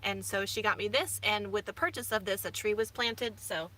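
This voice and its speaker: A woman's voice: medium pitch, normal speed, sharp tone. A woman in her thirties, rambling casually with many fillers as a vlogger from inside her camper van. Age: 30s. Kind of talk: casual chat.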